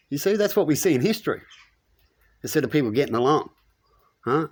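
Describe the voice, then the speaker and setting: A man giving a rambling, preachy spiritual monologue, his voice climbing when he makes a point. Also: a little fast. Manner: animated, preachy, rises in pitch when making points. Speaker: spiritual commentator.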